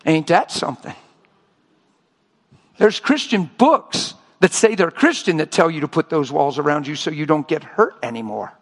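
Animated high-voiced older preacher. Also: male voice, normal speed, big-room sound. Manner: animated storytelling, acting out dialogue. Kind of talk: sermon.

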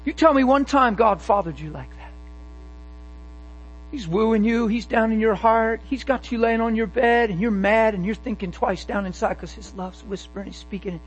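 A man preaching a sermon with fervent emphasis and quick rhetorical questions. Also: sits high, poor audio.

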